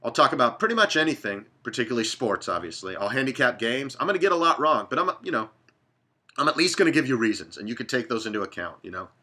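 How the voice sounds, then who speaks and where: Blunt bright-voiced man talking sports. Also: mid-range voice, big pitch swings, fast talker. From Dallas, Texas. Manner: blunt, profane, rambling. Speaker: sports betting host. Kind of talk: casual sports talk monologue.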